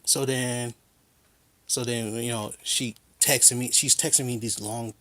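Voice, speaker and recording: A man's voice: mid-range voice, fairly even intonation, unhurried, pushed and bright. Man ranting, aggrieved. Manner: rambling, restarts, quotes others; aggrieved and frank. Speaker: vlogger. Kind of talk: casual storytelling rant.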